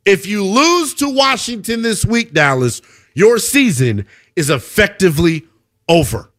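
A man's voice: high-pitched, sing-song, unhurried, fairly bright tone. A man hosting a sports talk radio show, delivering an emphatic, opinionated monologue and taking calls.

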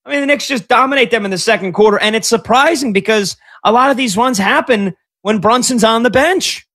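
A man in his thirties hosting a sports talk radio show, talking like an excitable, fast-talking fan. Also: very high-pitched. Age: 30s.

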